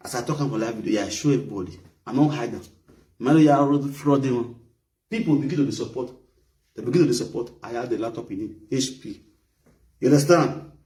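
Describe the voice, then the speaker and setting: A Nigerian man rants on a live stream, mocking and animated, with a warm, mellow voice. He sits away from the mic, and the room throws his words back with a boomy echo. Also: quick pace, distant mic. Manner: animated, mocking, mimics others in high voices. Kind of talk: ranting live-stream commentary.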